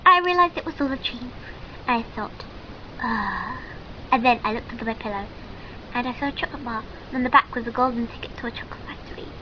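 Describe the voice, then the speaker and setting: A woman's voice: fairly high pitch, lo-fi sound, a little hiss or hum. A woman telling a comic sketch in character, rambling and giggly, with many ums and restarts.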